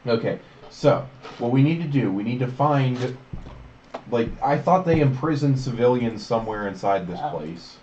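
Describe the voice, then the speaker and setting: A man's voice: medium pitch, animated, normal speed, a little mellow, roomy sound, highs cut off, a little hiss or hum. Playful man scheming at a tabletop game. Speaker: player. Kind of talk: casual tabletop play.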